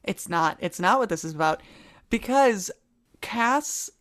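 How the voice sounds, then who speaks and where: An American woman co-hosting a history podcast, talking quickly and playfully in casual chat. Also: medium pitch, animated, a bit bright. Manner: quick, playful, self-mocking. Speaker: podcast co-host.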